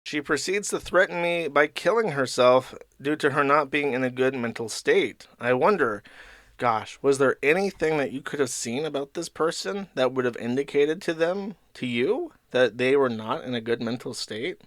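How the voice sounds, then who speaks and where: A man's voice: medium pitch, animated, moderate pace, a bit bright, no echo, studio quality. Crude sarcastic male streamer. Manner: sarcastic, crude asides between read-out messages. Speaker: streamer host. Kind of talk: live stream commentary reading messages aloud.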